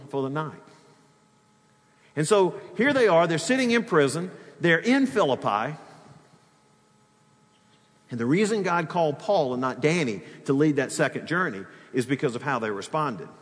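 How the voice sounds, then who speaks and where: A man delivers a sermon with a lively, swooping delivery, his voice sitting a little high for a man. He tells the story with humor and asides. A long reverb from a large hall trails behind each phrase. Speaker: pastor.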